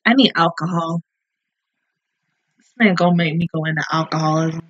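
A woman's voice: deep voice, normal speed, slightly rough, no echo, highs cut off. A woman hosting an anime reaction video, ranting at the screen with plenty of swearing and exasperated outbursts. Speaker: anime reaction channel host.

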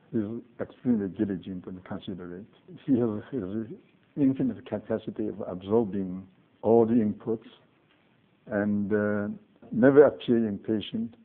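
A man in an interview, speaking hesitantly with many fillers. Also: lowish voice. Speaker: colleague interviewee. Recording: tinny phone-like sound.

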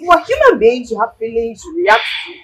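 An actress with a Nigerian accent playing an outspoken young woman who pushes her friend and talks loudly and excitably. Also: on the high side, fairly quick, slight background noise. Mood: urgent. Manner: loud, excitable, pushy. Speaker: friend and flatmate.

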